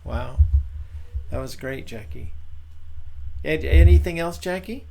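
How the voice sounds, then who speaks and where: Guy with a gravelly kinda high voice coaching folks on a video call, upbeat and chatty, lots of "you know". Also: slow, mellow. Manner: encouraging, chatty, many fillers. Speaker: trainer leading a group call.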